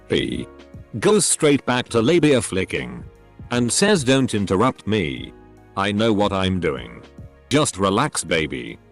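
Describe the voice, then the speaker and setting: A computer-generated male voice reads story posts aloud, set a little low and moving through lots of pitch. It spells out censored words letter by letter in a scripted narration, with soft music faintly underneath. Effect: text-to-speech voice. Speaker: narrator reading online posts. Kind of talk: scripted text-to-speech narration.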